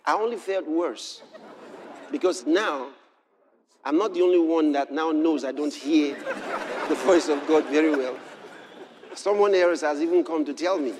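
A man preaching a sermon, telling a personal story and reading scripture, building to impassioned shouts. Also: fairly high pitch, unhurried, long pauses, a crowd in the background, noisy background.

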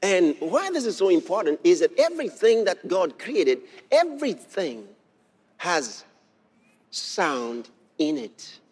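A man preaching a sermon as pastor, emphatic and repetitive, building up to shouted lines. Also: high-pitched, very animated, slow pace, slightly rough. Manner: emphatic, repeats phrases, rises to shouts. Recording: long hall reverb.

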